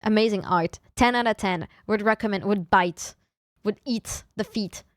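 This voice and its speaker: A young woman VTuber streamer whose first language is French chats casually in a mid-range voice at a moderate pace. She playfully teases viewers and often restarts her sentences, in studio-quality audio with no room sound.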